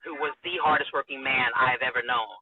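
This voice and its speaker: A woman broadcaster telling a personal story in an interview, animated and emotional. She laughs often and acts out the dialogue. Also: a bass voice, a little fast, slightly rough. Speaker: radio and TV broadcaster, interview guest. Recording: dry, narrow phone-like sound.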